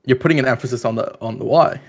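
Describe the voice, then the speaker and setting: A man's voice: mid-range voice, rapid-fire. Easygoing man co-hosting a podcast. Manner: easygoing, laughs along, self-deprecating. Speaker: podcast co-host. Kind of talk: casual podcast chat.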